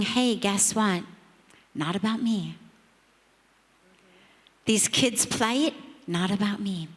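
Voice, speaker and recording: A middle-aged woman, a spiritual teacher, telling a reflective story to an audience in a measured, earnest, emphatic way. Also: medium pitch. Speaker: spiritual teacher speaking on a panel. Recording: long reverb of a large hall.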